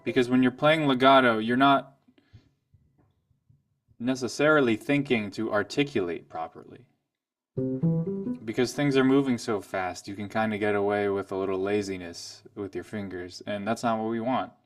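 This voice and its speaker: Low-voiced man teaching piano, off-mic. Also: normal speed. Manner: calm, explains then plays examples. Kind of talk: music lesson at the piano. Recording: voice from a distance, piano loud alongside. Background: piano playing.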